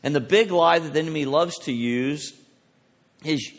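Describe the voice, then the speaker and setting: A man preaching a sermon in a lively, conversational way, telling personal stories. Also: a little high, normal speed, big-room sound. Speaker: pastor.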